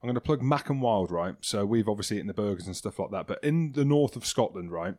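A man's voice: lowish voice, animated, fast talker, a little mellow. Teasing, rambling podcast man. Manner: teasing, self-mocking, rambling. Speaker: podcast co-host. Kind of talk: casual banter.

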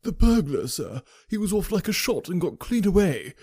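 A man's voice: high-pitched, very animated, normal speed, darkish tone, slightly rough, voice pushed up, exaggerated voice. Man doing a flustered, gasping butler. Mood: shaken. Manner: urgent, gasping. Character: flustered, breathless old male butler. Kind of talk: audiobook character reading.

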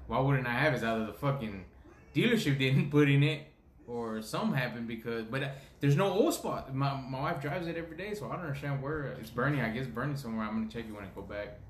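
A man's voice: mid-range voice, quick pace. A middle-aged man hosting a casual podcast chat, swearing freely, laughing, and dropping Spanish slang. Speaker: podcast host. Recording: echoey room with faint ambience.

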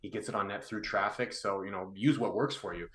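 A man appearing as a guest analyst on a hockey podcast, talking through plays in a measured, analytical way with many fillers. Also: lowish voice, steady tone, fairly bright tone. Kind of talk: casual hockey podcast chat.

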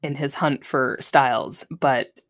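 A woman's voice: rumbling low, steady tone, takes it slowly. A woman co-hosting a podcast, recapping a TV episode in casual chat with wry, joking asides. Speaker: podcast co-host.

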